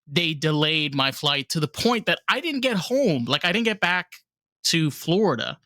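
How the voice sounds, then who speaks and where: A man's voice: fairly high pitch, sing-song, normal speed, bright, forceful tone, no echo, clean studio sound. A man with a New York accent, co-hosting a podcast and telling stories bluntly and emphatically in casual chat. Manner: blunt, emphatic storytelling with swearing. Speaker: podcast co-host.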